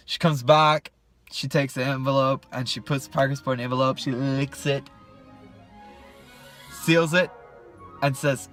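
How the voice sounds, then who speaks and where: A man's voice: medium pitch, level tone, normal speed, fairly bright tone, faint music behind. A man telling a funny childhood story in a casual vlog, talking animatedly and joking straight to the camera.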